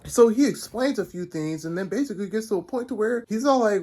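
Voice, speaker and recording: Husky, animated man ranting about anime. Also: high voice, quick pace, hardly any pauses. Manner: loud, profane, incredulous ranting. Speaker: anime recap vlogger. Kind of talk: comedic casual anime recap.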